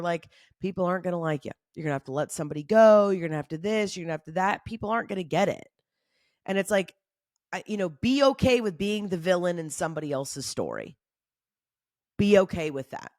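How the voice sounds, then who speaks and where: Woman, podcast host, fired up, emphatic, curses a lot, repeats herself for emphasis, mid-pitched voice, dry close sound. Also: no room sound. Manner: fired up, emphatic, swears freely. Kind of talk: off-the-cuff motivational talk.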